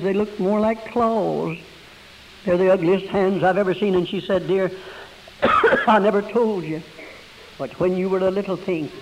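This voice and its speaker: A man preaches in a high-pitched voice, drawing out his stories with emotion and climbing to fervent peaks. A faint hiss runs underneath, like an old radio broadcast recording. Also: a little mellow, poor audio. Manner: emotional storytelling, slowing and rising to fervent peaks. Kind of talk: sermon with illustration stories.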